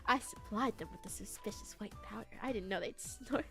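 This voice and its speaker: A woman streaming as a VTuber, telling a story to her chat in a casual, animated way, laughing and swearing freely. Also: medium pitch, normal speed, breathy edge, soft background music.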